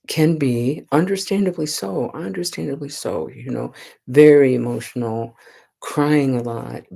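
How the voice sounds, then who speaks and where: A woman giving a Buddhist dharma talk as a nun, in an unhurried, conversational way that often checks in with her listeners. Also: a bass voice, creaky, dark tone, breathy edge. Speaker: Buddhist nun teaching meditation.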